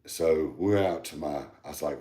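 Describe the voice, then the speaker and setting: A man co-hosting a podcast, telling a loose, rambling story in a casual, animated and profane way. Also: rumbling low, normal speed. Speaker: podcast co-host. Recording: echoey room.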